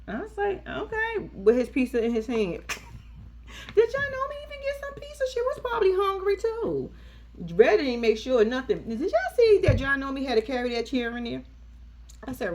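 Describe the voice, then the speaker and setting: Here a woman's high voice moves at an ordinary pace while she runs through what happened on a reality TV episode. She plays the people in it herself, keeping things casual, sassy and profane in an animated storytelling style.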